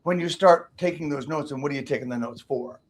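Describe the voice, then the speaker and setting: Halting male interview host. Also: a little high. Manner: halting, restarts his questions. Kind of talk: casual interview.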